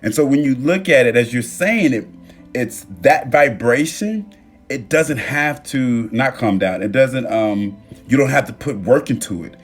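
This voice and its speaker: Husky-voiced young man talking live. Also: mid-range voice, a little slow, soft background music. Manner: animated, swears freely, talks straight to viewers. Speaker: livestream host. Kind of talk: casual motivational livestream talk. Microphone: phone.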